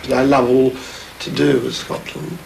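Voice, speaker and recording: A man with an upper-class English accent answers interview questions in a relaxed, slightly hesitant way. His voice is gravelly, at an ordinary pitch for a man. Faint background noise runs underneath. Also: a little slow.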